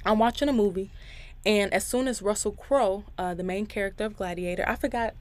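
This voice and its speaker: A woman's voice: mid-range voice, brisk, a little mellow. A young woman in her twenties hosts her own podcast in a casual monologue. She is chatty and candid, speaks right to her listeners, and laughs between her thoughts. Her tone is faith-filled and encouraging. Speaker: podcast host.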